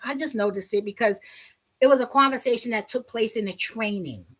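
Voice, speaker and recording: A woman vlogger telling a personal story in a casual, blunt, animated way, with some profanity. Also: fairly high pitch, a little fast.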